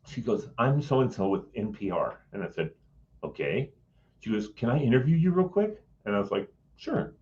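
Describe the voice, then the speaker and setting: On a muffled recording, a fairly low-pitched man speaking at normal speed tells a personal story. He's a middle-aged guest in casual chat who animatedly voices the people he quotes and chuckles as he goes.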